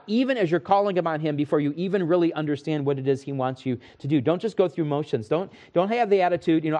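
An earnest man delivers a sermon from the pulpit, his voice sitting a touch higher than most men's. He leans on key phrases slowly and firmly, then loosens up with folksy asides and quick self-corrections. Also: mellow. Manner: earnest, emphatic preaching with slow stressed phrases. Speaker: pastor.

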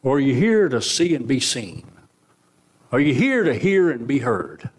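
A man preaching a sermon in a church, firing rhetorical questions at the congregation and swinging from loud to hushed. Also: mid-range voice, very animated, measured pace, husky. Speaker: pastor. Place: church sanctuary.

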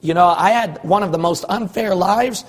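A man from California preaching a sermon as pastor of his church, hammering one phrase over and over and rising into shouts. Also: high voice, normal speed, in a large hall. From California, USA. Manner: forceful, repetitive exhorting, rising to shouts.

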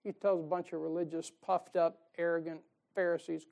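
A man preaching a sermon in a folksy, emphatic way, chuckling at his own jokes and swinging between loud stresses and soft asides. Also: on the high side, little pitch movement, normal speed, vocal fry.

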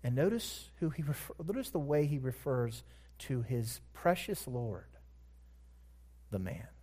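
Slow, emphatic preaching man. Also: medium pitch, very animated, warm tone. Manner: slow, emphatic storytelling with drawn-out words. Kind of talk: sermon.

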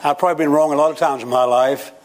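A man's voice: fairly high pitch, steady tone, fast. An older man preaching a sermon, telling folksy jokes and stories and lifting his voice on emphatic lines. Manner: folksy, joking storytelling with rising emphatic lines.

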